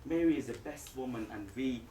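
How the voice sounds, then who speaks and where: A man's voice: medium pitch, a little fast, mellow, a little hiss or hum. A man preaching to a live audience, joking and speaking to the listeners directly. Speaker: Islamic preacher. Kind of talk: lively lecture to a live audience. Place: lecture hall with audience. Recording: echoey hall, distant mic.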